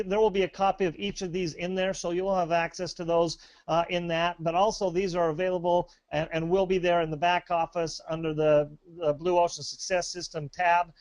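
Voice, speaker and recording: An upbeat man with a fairly high voice pitches products on a webinar. He rambles with plenty of fillers and false starts. The sound is close and dry, with no room around it. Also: no room sound. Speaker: webinar presenter.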